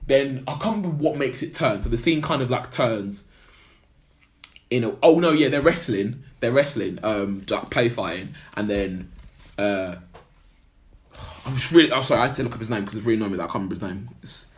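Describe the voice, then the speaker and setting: A man's voice: medium pitch, animated, fairly quick. A man on a podcast, casually recapping a film plot in a rambling way full of "like" and "blah blah". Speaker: podcast co-host.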